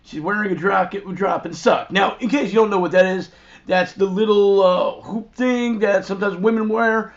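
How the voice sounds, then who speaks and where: A man hosting and telling a rambling, profane, animated anecdote in a crude comic style. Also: sits high, normal speed. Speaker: host. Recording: dull lo-fi recording.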